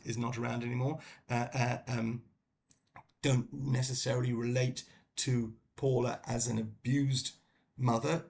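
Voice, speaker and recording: A middle-aged British man from London chats casually about books. His voice is deeply gravelly, and he often stops on ums and restarts. A faint hiss sits behind him. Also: a little mellow. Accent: British English. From London, England. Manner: halting, many ums and uhs and restarts. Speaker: book vlogger. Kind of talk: casual book review talk.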